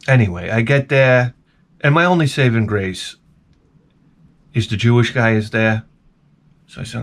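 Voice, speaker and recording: A man's voice: medium pitch, animated, moderate pace, fairly bright tone. A man rambling through a comic monologue to camera, jumping between tangents and restarting his sentences. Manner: tangent-prone rant, frequent stammered restarts. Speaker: vlogger.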